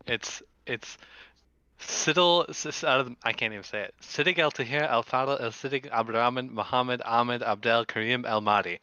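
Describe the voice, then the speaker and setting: A man's voice: medium pitch, normal speed, sharp tone, highs cut off. A man in a casual voice chat, hesitant and stumbling as he tries to pronounce a long name. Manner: hesitant, stumbling over words. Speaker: viewer in voice chat.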